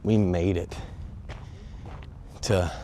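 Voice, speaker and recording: A young man filming a casual walking travel vlog, talking straight to viewers in a joking, excitable way with plenty of swearing, out of breath as he goes. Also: low voice, extremely slow, a little hiss or hum. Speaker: travel vlogger. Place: outdoors and in stone tunnels of a sea fortress. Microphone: phone on a selfie stick.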